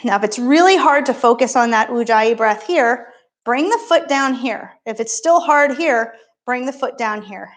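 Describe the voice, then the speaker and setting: A woman's voice: a little high, normal speed. A woman yoga instructor talking a beginner class through poses and breathing, with encouraging, playful step-by-step cues.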